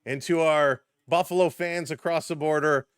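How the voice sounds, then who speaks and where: Man, live stream hockey host, slightly high voice, smooth and clear, dry close mic, excitable, chatty with viewers. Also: normal speed, no room sound. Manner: excitable, greets chat viewers by name. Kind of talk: live stream commentary and chat.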